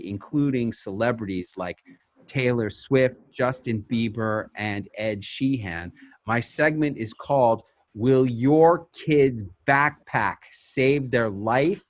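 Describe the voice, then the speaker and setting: A man delivering an upbeat, emphatic sample media pitch, acting it out as if on a phone call.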